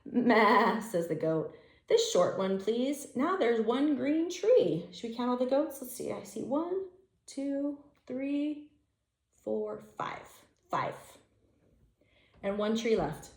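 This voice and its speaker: A woman reading a children's picture book aloud, chatting and counting along gently with young listeners. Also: a little high, big pitch swings, a little slow. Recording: echoey room.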